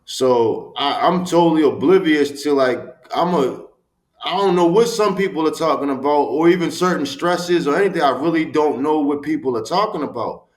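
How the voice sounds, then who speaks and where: A man, telling his story as a podcast guest in an animated, emphatic, street-talking way. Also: fairly high pitch, normal speed, echoey room. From Baltimore, USA. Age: 40s. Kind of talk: candid storytelling interview.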